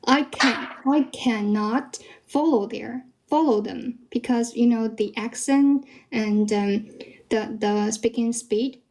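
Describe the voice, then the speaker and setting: A woman caller with an American-style accent, halting and searching for words as she asks for advice. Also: on the high side, a little mellow. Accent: American-style English. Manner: hesitant, searching for words with fillers. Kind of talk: halting question to a coach.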